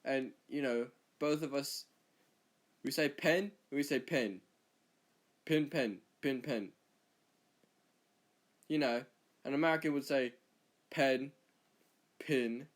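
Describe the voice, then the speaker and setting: Comedy bit: a man doing a loud-mouthed Aussie patriot, bragging in slang, mid-pitched voice. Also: steady tone, slow pace, pauses often, lightly acted. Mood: brash. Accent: Australian (put on). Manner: brash, boastful, blurting slang, stumbling. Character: brash boastful Australian man, loud patriot. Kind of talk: comedic accent impression.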